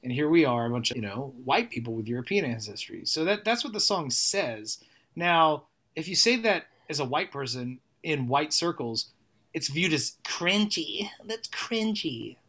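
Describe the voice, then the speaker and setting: A man, a songwriter, talking casually in an interview, animated and rambling, with frequent restarts and swearing. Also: mid-range voice, normal speed. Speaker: songwriter and musician guest.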